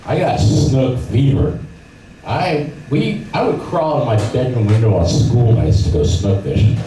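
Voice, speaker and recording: Man telling animated fishing stories, echoey room. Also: medium pitch, unhurried. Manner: animated storyteller, acts out voices and sounds. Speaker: fishing guide giving a club talk. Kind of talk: storytelling seminar talk. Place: club meeting room. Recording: echoey room from far off, noisy.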